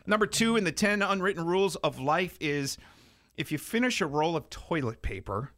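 A man's voice: normal speed, no echo, studio quality. A middle-aged man co-hosting a casual chat, joking and playing up being grumpy with big swings in his voice. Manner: joking, mock-grumpy, animated pitch jumps. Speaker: podcast co-host.

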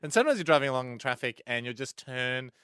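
An Australian man co-hosting radio, talking fast with a bright, forceful edge. He riffs playfully and teases his co-host. The sound is dry and close. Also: medium pitch, animated, clean tone, no room sound. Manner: playful, riffing and teasing. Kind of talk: casual radio banter.

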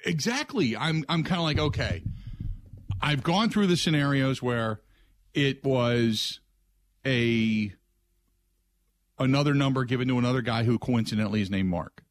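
A middle-aged man hosting a radio show, telling a rambling story in a casual way, with restarts and lively quoted voices. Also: medium pitch, normal speed, long pauses. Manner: rambling, restarts, animated when quoting others.

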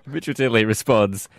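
A young Australian man co-hosting breakfast radio, mock-dramatic and animated, laughing often, on a studio mic. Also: medium pitch, no echo. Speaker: radio breakfast show co-host. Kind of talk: casual on-air banter. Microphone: studio microphone.

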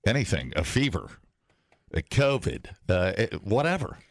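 A man co-hosting a casual podcast chat, rambling and halting as he mocks himself. His voice is gravelly and swings up and down a lot, recorded close and dry. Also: lowish voice, very animated, dry recording. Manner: rambling, halting, self-mocking. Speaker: podcast co-host.

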